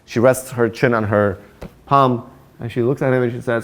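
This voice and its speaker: A man, a rabbi, telling a story and drawing a life lesson from it in an animated way. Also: medium pitch, normal speed. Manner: animated storyteller, repeats himself when excited. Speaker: rabbi teaching a Torah class. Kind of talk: storytelling sermon with a moral lesson.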